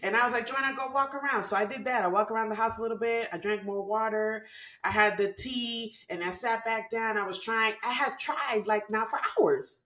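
A woman's voice: fairly high pitch, moderate pace, reverberant. A woman co-hosting a podcast in casual chat, telling stories with frequent laughter. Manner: laughs often, animated storytelling. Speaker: podcast co-host.

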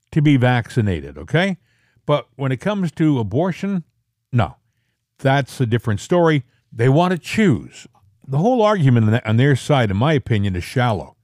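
A man's voice: a little mellow, no echo, studio quality. Opinionated man on a political talk show. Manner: opinionated, emphatic, pushes pitch up when stressing a point. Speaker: co-host.

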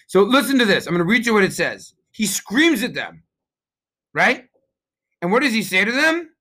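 A rabbi delivers a lively sermon in a high, bright voice that leaps up and down in pitch. He tells jokes and stories, throws rhetorical questions at his listeners and reads Hebrew verses aloud. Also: normal speed. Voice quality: Hebrew phrases read with traditional pronunciation. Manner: animated storytelling with rhetorical questions.

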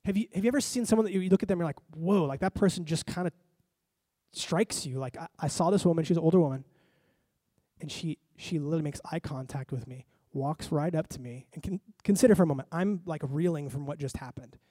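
A man pastor preaching a sermon, telling a story with lively asides and acting out his own reactions. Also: on the high side, fast talker, no echo. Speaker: lead pastor.

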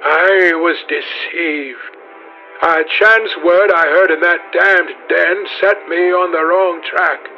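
A man's voice: high-pitched, steady tone, highs cut off, faint music behind. A man doing a growling vengeful sailor. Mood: contrite. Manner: slow, growling, threatening. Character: vengeful sailor, short thick-set man, grim.

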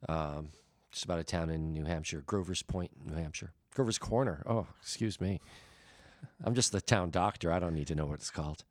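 A low-voiced man from Rhode Island chats about acting in a play, playful and easygoing. His voice sits close and dry, with no echo. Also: brisk. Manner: playful, slips into mock accents. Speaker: actor in a community play. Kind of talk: casual chat.

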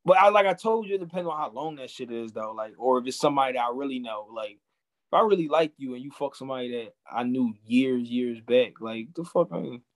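Young male host, average pitch, blunt opinionated banter. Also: lively intonation, a little fast. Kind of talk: casual chat.

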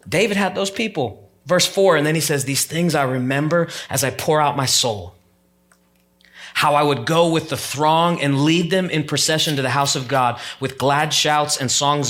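A man's voice: a little high, a bit bright. Fervent male pastor preaching a sermon. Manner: conversational preaching, rising to emphatic peaks.

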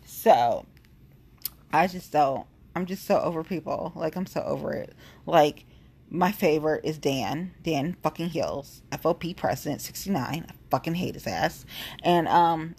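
A woman's voice: sits low, animated, a little slow, slightly rough. Blunt, profane woman ranting. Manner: profane, blunt, heated and exasperated. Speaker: activist vlogger. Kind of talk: casual angry rant to camera.

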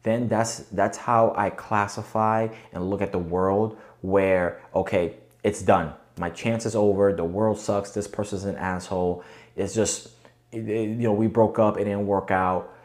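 A man's voice: fairly low pitch, fairly even intonation, unhurried, a little mellow. A man hosting a podcast, talking casually and coaching listeners with frequent rhetorical check-ins. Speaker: podcast host. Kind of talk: casual motivational monologue.

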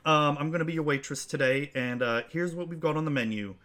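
A man's voice: fairly high pitch, quick pace, a bit bright, voice pushed up, natural voice. A man doing a chirpy halfling waitress. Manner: chirpy, rattles off a menu. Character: brisk, weary little female halfling waitress.

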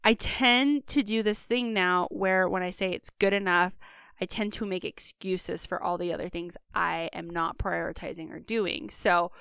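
A woman's voice: on the low side, normal speed, gravelly, a bit bright, clear, resonant tone, dry recording, clean studio sound. A woman co-hosting a podcast, talking earnestly and speaking straight to listeners in a casual monologue. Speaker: podcast co-host.

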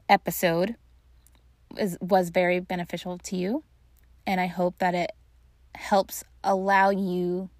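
A young adult woman talks straight to her listeners in a casual, reassuring solo podcast about grief, with plenty of ums along the way. Her voice has a gravelly, fry-laden edge, and the recording is close and dry. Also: on the low side, no echo. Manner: warm, reassuring, talking directly to listeners; casual with frequent fillers. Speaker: podcast host and grief coach.

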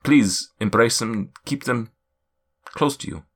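A man voicing a kindly, worried male cloud giant in a put-on German accent, speaking slowly in drawn-out, solemn pronouncements. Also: mid-range voice. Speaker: game master.

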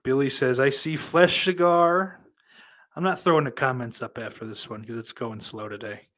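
Guy streamer reading chat, swears a lot, rambles, mid-pitch voice. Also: brisk, fairly bright tone. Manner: profane, rambling, self-deprecating. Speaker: livestream host reading chat. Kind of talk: casual livestream chat.

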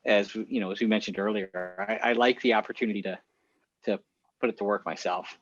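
A man's voice: lowish voice, fairly even intonation, fast talker, no echo, highs cut off. A man who coaches skiing, a podcast guest talking casually and thoughtfully, often restarting his phrases. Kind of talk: casual chat.

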